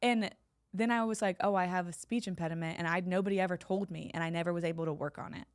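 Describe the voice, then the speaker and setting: A woman's voice: fairly low pitch, fairly even intonation, fast talker, smooth, no echo, studio quality. A woman co-hosting a podcast in casual chat, playful and teasing, with a slight lisp and frequent laughter. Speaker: podcast co-host.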